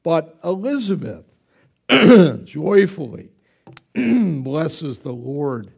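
Brief: middle-aged male preacher, slightly high voice, swoops up and down, exuberant, chatty asides. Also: big pitch swings, very slow, gravelly, darkish tone, breathy edge. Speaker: pastor. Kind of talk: conversational sermon.

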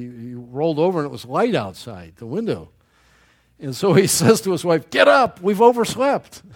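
This sermon comes from a man whose medium-pitched voice is a little mellow. Telling folksy stories, he chuckles at his own tales and keeps stopping and restarting his sentences.

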